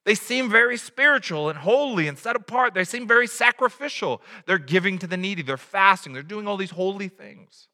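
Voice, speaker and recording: High bright-voiced man preaching in a hall. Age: adult, has a child. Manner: conversational preaching with acted quotes. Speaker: pastor. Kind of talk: sermon.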